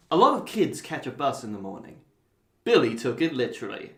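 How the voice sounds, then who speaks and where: Wry male co-host, middle pitch, roomy echo. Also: wildly swooping pitch, moderate pace, gravelly, fairly bright tone. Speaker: podcast co-host. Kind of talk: casual chat. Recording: echoey room.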